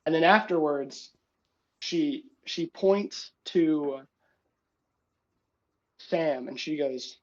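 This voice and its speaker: A man narrating a tabletop game as game master in an animated way. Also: on the high side, extremely slow, long pauses, highs cut off. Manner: animated, lots of voices and asides.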